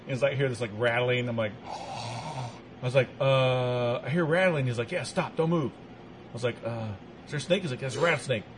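A man's voice: mid-range voice, normal speed, pauses often, background noise. A man from Texas, a podcast co-host telling profane childhood stories in casual chat. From Eagle Pass, Texas. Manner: profane, animated storyteller.

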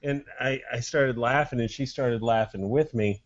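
A man's voice: medium pitch, normal speed, no room sound, lo-fi sound. A middle-aged man, a guest telling bawdy, joking stories during a casual cigar-smoking chat. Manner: bawdy storyteller, brash and joking.

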